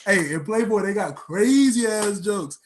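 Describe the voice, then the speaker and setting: A man's voice: high voice, animated, a little slow, noisy background. A young man doing a rambling, slangy stand-up set, telling stories with lots of asides. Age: young adult. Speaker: stand-up comedian.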